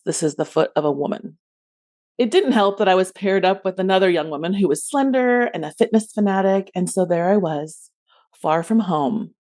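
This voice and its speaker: An adult woman telling a rehearsed personal story as a podcast guest, expressive and loud when acting out yells. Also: mid-range voice.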